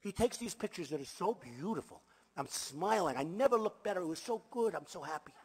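A man's voice: high voice, lively intonation, a little fast, darkish tone, breathy edge. A man giving an emphatic campaign rally speech as a political candidate, repeating his points and adding boastful asides. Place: large rally venue before a crowd. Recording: long reverb of a big hall.

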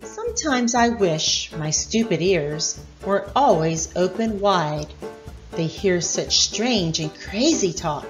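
A fretful young boy tells his picture-book worries, as a woman reads him aloud. The delivery is slow and lilting, with a lowish voice that rises and falls a lot. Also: expressive, muffled recording, soft background music.

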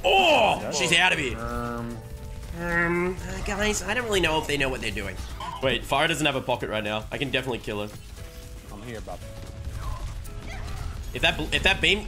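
A young man giving joking, excitable gameplay commentary with sudden shouts. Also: a little high, fairly quick, pauses often. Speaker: gaming streamer. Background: background music.

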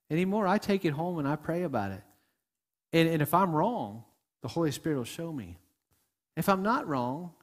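Middle-aged pastor preaching conversationally. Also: male voice, fairly high pitch. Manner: conversational preaching, repeats words and restarts, asks the congregation questions. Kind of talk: sermon. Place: church sanctuary before a congregation.

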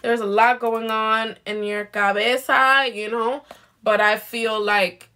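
A woman giving a live zodiac card reading in a gentle, reassuring way, repeating herself and often checking in with "okay?". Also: a little high, little pitch movement, takes it slowly. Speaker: intuitive card reader.

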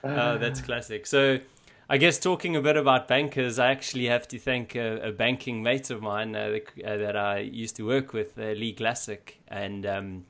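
A man's voice: mid-range voice, fairly even intonation, moderate pace, fairly bright tone. A man hosting a podcast, chatting in a friendly, rambling way. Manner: friendly, rambling, many fillers and restarts. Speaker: podcast host. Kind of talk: casual chat.

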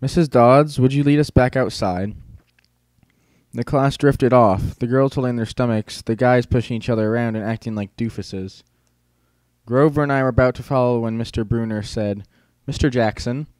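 A man's voice: mid-range voice, a little mellow, dry recording. Brief: male audiobook narrator, wry first-person teller, dry close sound.

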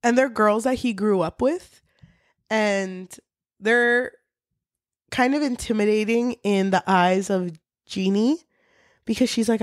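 A woman's voice: mid-range voice, slow, long pauses, no room sound, clean studio sound. A woman co-hosting a casual book-review chat, retelling the story with a lot of swearing and laughter. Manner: profane, animated retelling with laughs. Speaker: podcast co-host.

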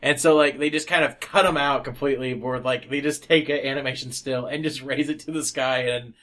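A man's voice: mid-range voice, fairly even intonation, brisk, a bit bright. A man co-hosting a podcast in casual chat, rambling with many fillers and frequent laughs. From United States. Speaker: podcast co-host.

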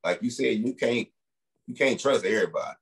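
A man's voice: medium pitch, fairly quick. A man, a parent in his thirties, chatting in a laid-back, conversational way. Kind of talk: casual chat.

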